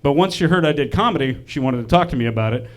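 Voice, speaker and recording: A young man doing a stand-up comedy set on a club stage. He is lively and self-deprecating and acts out the people in his stories. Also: medium pitch, fast talker.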